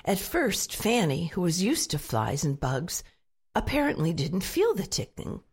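Woman storybook narrator, lowish husky voice, very animated delivery. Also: measured pace. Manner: expressive read-aloud with lively pitch.

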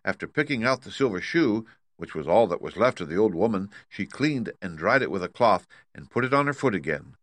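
A man narrating a children's storybook in a steady, even reading. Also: fairly low pitch, brisk, dry recording.

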